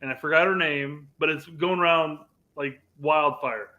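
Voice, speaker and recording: A man co-hosting a casual podcast, playful and quick to laugh. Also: on the high side, fairly even intonation, sharp tone, muffled recording. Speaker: podcast co-host. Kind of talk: casual chat.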